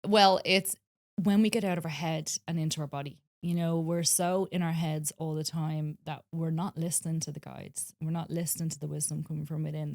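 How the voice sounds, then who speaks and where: A woman talking earnestly in a casual podcast chat, telling stories with many pauses and ums. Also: deep voice, darkish tone, no room sound, studio quality. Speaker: spiritual wellness guest.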